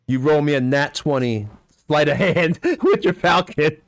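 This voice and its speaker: A man's voice: on the high side, lively intonation, unhurried. A man narrating a tabletop game as game master, rambling with lots of fillers.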